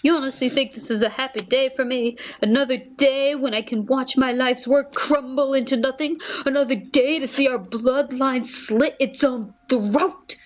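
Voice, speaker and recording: A woman on a headset mic voicing a stern, bitter middle-aged father who speaks in a quiet tone. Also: sits high, fairly even intonation, moderate pace, few pauses, lo-fi sound, a little hiss or hum, pitched above the performer's own voice, natural voice.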